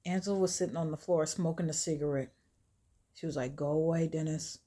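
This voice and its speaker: A woman telling a horror short story in a chatty, animated, casual way. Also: low-pitched, brisk.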